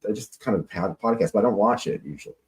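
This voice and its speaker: A man's voice: lowish voice, expressive, rapid-fire, husky. A man co-hosting a casual talk show, easygoing and chatty. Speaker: co-host.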